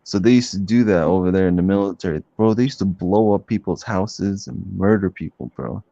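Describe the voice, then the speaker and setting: A man's voice: low-pitched, fairly quick, dark tone, no echo, dull audio. A man in a casual heated debate, telling stories in a rambling way, repeating himself and calling people bro. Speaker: debate participant.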